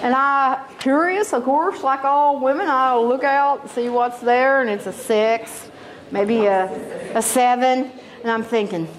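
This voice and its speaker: A woman's voice: sits high, a little slow, slight background noise, rough recording. A woman performing stand-up comedy, telling stories and putting on exaggerated voices. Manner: animated, exaggerated voices for quotes.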